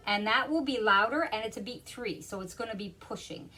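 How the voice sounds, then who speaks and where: A woman's voice: fairly high pitch, a little fast, low-quality recording. A woman piano teacher explaining rhythm in a lesson, counting beats aloud and half-singing them. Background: piano playing.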